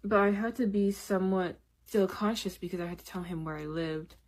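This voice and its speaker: A woman's voice: medium pitch, fairly quick, a little mellow. A young woman casually telling her own story in the first person, candid and chatty, with frequent "like" and "literally". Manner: candid, conversational, many "like" and "literally" fillers.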